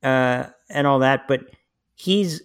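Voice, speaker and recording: A man hosting a casual podcast, talking at a middling pitch. He rambles loosely, restarts his sentences and swears without a second thought. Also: slow, clear, resonant tone. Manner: profane, rambling, frequent restarts. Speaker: podcast host. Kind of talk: casual chat.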